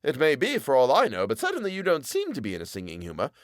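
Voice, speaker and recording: A man's voice: medium pitch, huge pitch swings, fast, no room sound, clean studio sound, pitched above the performer's own voice. A man voicing a boastful, chatty male tailor in an audiobook, blustering and gossipy. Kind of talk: audiobook character voice.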